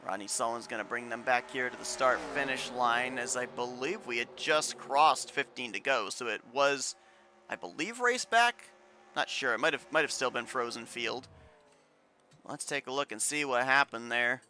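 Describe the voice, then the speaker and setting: A man's voice: mid-range voice, normal speed, bright, forceful tone, a little hiss or hum. A man calling a sim racing broadcast, steadily explaining replays and standings as play-by-play commentator.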